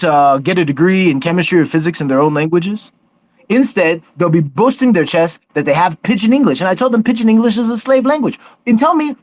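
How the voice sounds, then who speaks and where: A man with a notably high voice speaks in a forceful, preaching manner. He is heard up close, dry and without room sound, as he gives an impassioned political speech in an online discussion. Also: dry recording.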